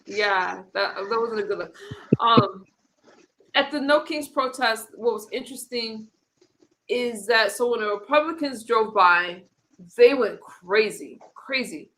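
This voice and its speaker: Woman stream host, bright-toned, rambling casual chat. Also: on the high side, a little slow, rough recording. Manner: chatty, rambling, frequent restarts. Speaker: host of a political commentary stream.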